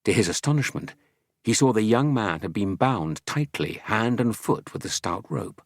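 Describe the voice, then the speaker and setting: A man reading an audiobook as narrator, telling the story in a measured way. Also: on the low side, expressive, creaky, dry recording, clean studio sound. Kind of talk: scripted narration.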